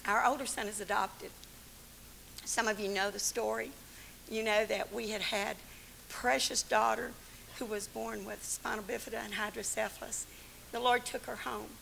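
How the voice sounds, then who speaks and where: A middle-aged Southern American woman preaches to a women's church gathering, her fairly high voice gravelly with creak and bright, almost sharp in tone. She tells her story with humor and animation, and a faint hiss sits under the recording. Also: low-quality recording. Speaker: women's ministry speaker. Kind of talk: storytelling sermon. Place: church hall.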